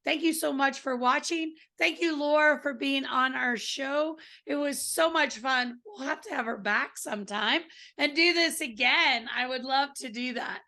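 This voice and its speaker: A woman hosts a casual spiritual podcast with a hoarse, gravelly voice that is high and bright. She repeats her praise and talks effusively. Her tone is sharp despite the rasp. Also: unhurried, hardly any pauses. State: hoarse, voice off today. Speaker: podcast host. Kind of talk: casual interview chat.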